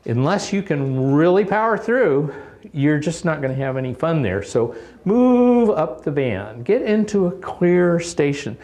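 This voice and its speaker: A man's voice: fairly high pitch, dark tone. Emphatic man coaching a conference crowd. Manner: coaching, emphatic, with frequent "okay?" check-ins. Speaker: presenter at a radio contesting workshop. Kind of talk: conference presentation.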